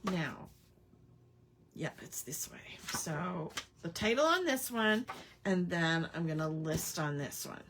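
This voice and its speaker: A woman's voice: fairly low pitch, expressive, slow, fairly bright tone, slight background noise. A woman hosting a casual live crafting stream, rambling with lots of ums and chatting back to viewer comments. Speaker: crafting livestream host.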